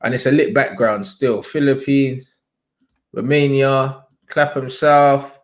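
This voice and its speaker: A young man hosting a casual livestream, chatting in heavy slang and shouting out viewers. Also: mid-range voice, steady tone, slow. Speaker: livestream host.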